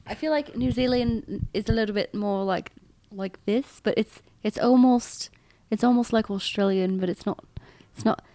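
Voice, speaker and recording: A woman's voice: a little high, dark tone. Blunt young woman co-hosting a podcast. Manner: blunt, swears freely, quick to laugh. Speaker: podcast co-host. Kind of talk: casual chat.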